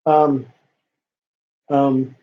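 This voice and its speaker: A man's voice: medium pitch, little pitch movement, very slow, highs cut off. A man talking casually to camera in a rambling vlog monologue, often restarting and repeating words. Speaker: vlogger.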